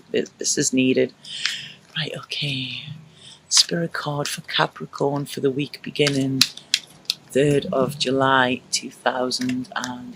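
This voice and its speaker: Man, tarot reader, emotional, reassuring, rambling fillers, fairly high voice, dry close sound. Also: fairly bright tone, no room sound. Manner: emotional and reassuring, full of "you know" fillers. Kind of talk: casual tarot reading to camera.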